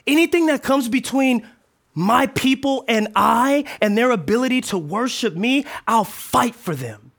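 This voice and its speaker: A man with a high, light voice preaches with playful energy. He drops to near-whispered asides, then climbs into sudden shouts. His delivery is lively and conversational, like he's talking right to the congregation. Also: a little slow, creaky. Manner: animated, playful, swings from quiet to shouting. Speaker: pastor. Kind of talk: sermon.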